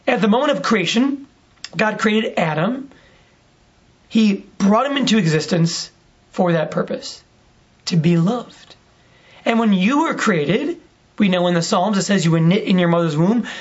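A priest giving a conversational homily, telling a story and acting out the dialogue. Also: male voice, high voice, slightly rough, muffled recording. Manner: relaxed, conversational, acts out dialogue.

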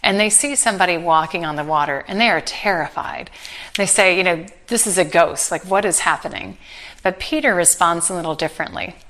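Earnest woman preaching a lively sermon. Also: lowish voice, a little fast. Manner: earnest, animated storytelling with gentle humor.

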